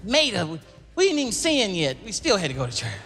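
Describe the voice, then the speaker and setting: A man performing a stand-up routine, telling loud comic stories with impressions. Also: sits high, huge pitch swings, fast talker. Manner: wild, loud storytelling with impressions. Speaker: stand-up comedian. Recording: live stage set with loud crowd and music.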